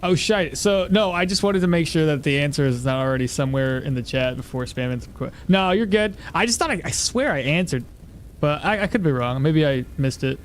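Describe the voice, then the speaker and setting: Lively-voiced man streaming a game. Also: fairly high pitch, fairly quick, a little hiss or hum. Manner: chatty, talks to himself and reads chat aloud. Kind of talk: casual live-stream chat while playing.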